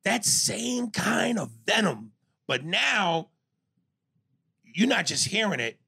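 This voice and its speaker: A man's voice: high voice, sing-song, takes it slowly, vocal fry, bright, forceful tone, slight background noise. A man co-hosting a podcast in casual discussion, telling a story with animation and acting out quotes. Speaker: podcast co-host.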